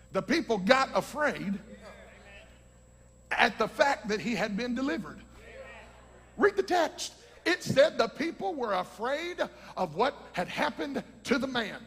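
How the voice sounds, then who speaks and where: A man preaching a sermon, teaching from scripture with fervent, shouting emphasis. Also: very high-pitched, very animated, unhurried, pauses often. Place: large hall with a congregation. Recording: long hall reverb.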